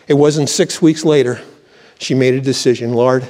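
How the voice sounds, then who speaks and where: A man's voice: mid-range voice, a little fast, mellow, big-room sound. An older man, a pastor, preaching a sermon with fervent praise and storytelling, recorded in a church.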